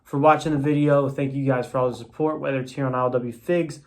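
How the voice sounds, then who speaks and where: A man talks through an action figure unboxing in an easygoing, rambling way. He pads his sentences with fillers and restarts himself often. His voice sits at a middling pitch. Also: steady tone, fast talker. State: has the hiccups. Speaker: toy reviewer. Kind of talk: casual unboxing review.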